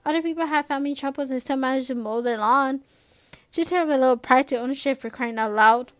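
A young woman reading aloud as a blunt, scornful middle-aged father who talks loudly. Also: high-pitched, fast talker, no echo, lightly acted. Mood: sneering.

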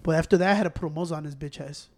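A man telling a story in casual chat, profane and animated, with slangy asides. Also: a little high, very fast.

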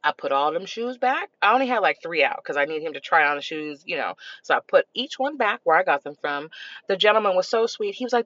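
A middle-aged woman hosting a parenting podcast, telling stories in a casual, animated way with frequent laughter. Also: on the low side, brisk, dull audio. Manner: animated, expressive, laughs often. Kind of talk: casual storytelling.

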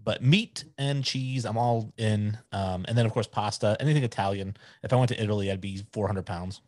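A man's voice: fairly low pitch, brisk, a little mellow, no echo. A man in his forties, a podcast guest chatting casually in an easygoing, opinionated way.

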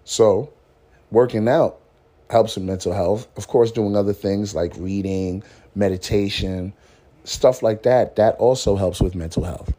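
A man's voice: fairly low pitch, unhurried, dark tone. A man hosting a casual motivational podcast, talking in a laid-back, slangy way, swearing freely and laughing at his own stories. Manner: slangy, says "man" often. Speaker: podcast host.

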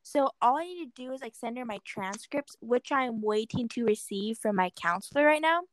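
A woman's voice: a little high, lively intonation, brisk, rough recording. A teenage girl co-hosting a casual podcast, laughing often and filling her talk with "like". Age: late teens. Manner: giggly, filler-heavy. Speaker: podcast co-host. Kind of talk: casual chat.

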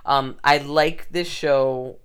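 A woman's voice: extremely low pitch, steady tone, slow pace, clear, resonant tone. A woman in her thirties co-hosting a podcast in casual chat, talkative, laughing often and drifting into preaching. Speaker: podcast co-host.

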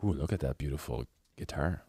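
A man's voice: very deep voice, fairly quick, mellow, breathy edge, no echo, clean studio sound. A man hosting a podcast, chatting in an upbeat, encouraging way with short fillers. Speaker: podcast host. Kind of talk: casual chat.

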